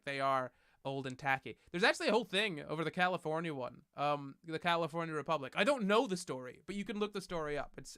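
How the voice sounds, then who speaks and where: Young male streamer, casual and chatty, with a crisp, bright tone. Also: a little high, no echo, studio quality. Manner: rambling, chatty, self-correcting with light laughs. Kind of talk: casual livestream chat. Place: at his desk at home. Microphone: desk microphone.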